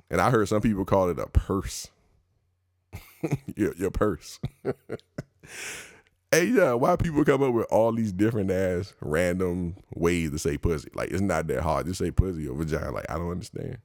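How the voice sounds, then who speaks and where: Deep gravelly man ranting casually. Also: sing-song, moderate pace, dry recording, studio quality. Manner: slangy, profane, laughing at his own riffs. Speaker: podcast host. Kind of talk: casual comedic monologue.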